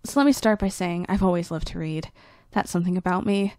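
Mellow, soft-spoken woman storyteller. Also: on the low side, fairly quick, dry recording. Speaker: storyteller, narrator. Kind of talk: reading own story aloud.

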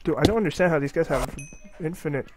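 A man's voice: on the high side, quick pace, loud music behind the voice. A man commenting on his own gameplay, often frustrated and exclaiming, with mild cursing. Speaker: gamer. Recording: loud background noise with clicks.

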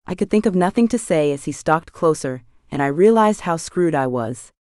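A woman narrating a fantasy audiobook in the first person, with a tense and dramatic reading. Her voice sits low for a woman, and the recording is dry and close with no room sound. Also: lively intonation, moderate pace, darkish tone, no echo.

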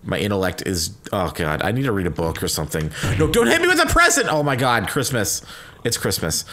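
Excitable, animated man commenting on a game. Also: fairly low pitch, a little fast. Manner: loud excitable outbursts, crude jokes. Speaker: gaming commentator. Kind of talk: let's play commentary.

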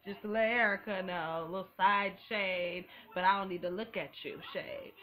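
Woman host, bright and animated, slangy recap chat. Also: mid-range voice, moderate pace, hardly any pauses. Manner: animated and profane, full of slang. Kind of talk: casual recap commentary.

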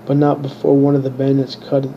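A man reading his own fantasy story aloud in a plain, monotone way, stumbling and restarting now and then. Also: mid-range voice, a little fast, creaky, muffled recording, a little hiss or hum. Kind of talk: unpolished audiobook narration.

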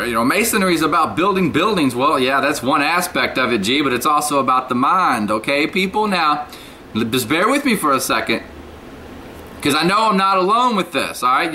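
A man holds forth in a rambling home video rant, digressing freely and talking straight to his viewers. His voice is very bright and sits a little high for a man. A faint hum of an air conditioner runs underneath. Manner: animated, digressive, addresses viewers as people and cats. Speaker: political video blogger.

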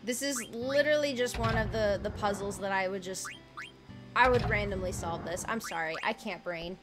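Game music plays under the voice of a young woman doing casual live gameplay commentary, talking with her viewers, giggling, and reading in-game lines aloud. Her voice sits in the mid-range, and she speaks at a moderate pace.

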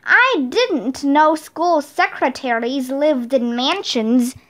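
A woman's voice: high voice, lively intonation, slow pace. A woman voicing a bossy know-it-all schoolgirl, prim and smug, in a storybook read-aloud.

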